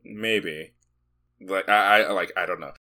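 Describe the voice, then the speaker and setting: A man's voice: sits low, slow, sharp tone. A man co-hosting a podcast who jokes around and laughs often in casual chat. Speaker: podcast co-host.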